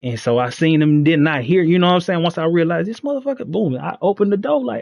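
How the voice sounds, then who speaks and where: A man on a live stream, telling a story in an animated, slangy way with lots of "you know what I'm saying.". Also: high voice, brisk, gravelly, hardly any pauses, no echo, muffled recording. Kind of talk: casual storytelling.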